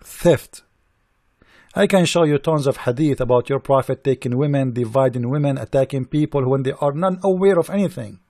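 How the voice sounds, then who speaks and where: A man's voice: mid-range voice, normal speed, mellow, no room sound, clean studio sound. A man delivering a heated polemical monologue, indignant and mocking, firing off rhetorical questions in non-native English. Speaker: religious critic.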